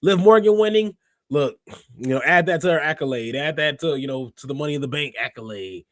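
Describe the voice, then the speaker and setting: A fairly high-voiced man hosting a podcast, chatting casually about wrestling. He talks in an animated, slangy way, looping through fillers and restarts. The sound is dry and close with no room echo. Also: brisk. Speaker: podcast host. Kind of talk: casual wrestling recap chat.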